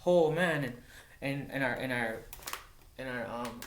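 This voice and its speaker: A man, a wildland firefighter from Montana, telling a story in a casual, profane way, halting and restarting often. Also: mid-range voice, slight background noise. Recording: roomy echoey recording.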